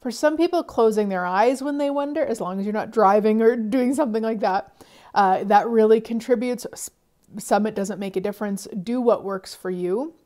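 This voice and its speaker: A woman hosting a self-help talk show, speaking gently and encouragingly, often dropping into soft whispers and sighing as she goes. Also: fairly high pitch, normal speed. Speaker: podcast host. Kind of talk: coaching talk.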